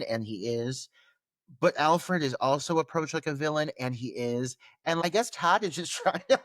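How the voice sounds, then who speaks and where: Excitable man chatting about a film. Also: on the high side, dry recording, clean studio sound. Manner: laughing, excitable commentary. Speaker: podcast co-host. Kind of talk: casual film recap chat.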